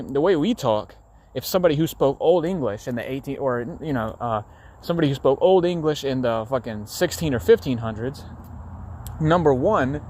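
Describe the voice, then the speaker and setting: A man's voice: mid-range voice, darkish tone. A man from the United States rambling on a solo podcast, swearing freely and filling gaps with fillers. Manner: rambling, profane, full of fillers. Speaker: podcast host.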